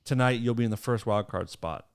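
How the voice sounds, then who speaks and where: A man's voice: medium pitch, a little fast, clean tone. A man co-hosting a podcast in casual chat, teasing his co-hosts, swearing freely and telling stories with lots of energy. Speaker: podcast co-host.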